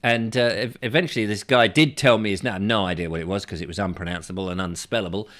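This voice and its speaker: A man's voice: on the low side, quick pace, a bit bright. Rambling, chatty man vlogging. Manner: rambling, chatty, wry storytelling with asides. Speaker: vlogger, show host. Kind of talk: casual to-camera monologue.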